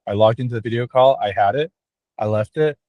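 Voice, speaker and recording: A man's voice: medium pitch, a little fast, no echo, highs cut off. A man in a casual panel chat over a video call, thinking aloud in a rambling, reflective way.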